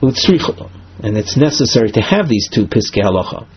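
In a Talmud class, a man reads and translates the text line by line, explaining step by step at a slow, measured pace and sometimes correcting himself. His mid-range voice is sing-song with a breathy edge, captured in a muffled lo-fi recording.

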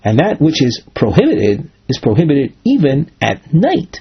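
Talmud teacher, male, husky, middle pitch, reads and translates on a muffled recording. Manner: reads Aramaic phrases then translates. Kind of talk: text-based lecture. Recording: dull lo-fi recording.

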